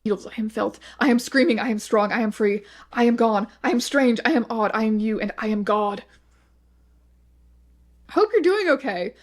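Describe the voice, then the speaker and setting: A woman narrates a video essay, reading out online posts one after another. Her delivery is flat and measured, and her voice sits slightly higher than usual.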